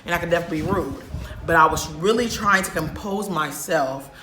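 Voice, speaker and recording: A woman vlogger telling a story in an animated, emphatic way, swearing often. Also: lowish voice, brisk, echoey room, noisy background. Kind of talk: storytime vlog.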